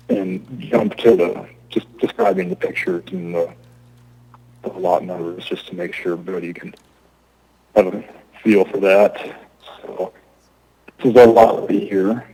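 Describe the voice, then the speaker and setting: A man from Alaska, an applicant giving halting testimony at a zoning hearing over remote audio. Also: on the low side, big pitch swings, creaky, darkish tone, slightly rough, low-quality recording. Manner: halting, restarts often.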